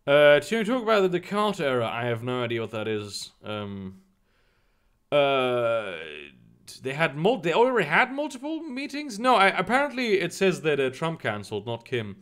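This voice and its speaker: Male streamer, fairly high, lively pitch, rambling casual commentary with plenty of swearing. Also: fairly quick, hardly any pauses. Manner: rambling, profane, exasperated, with frequent restarts. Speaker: streamer reading chat and news.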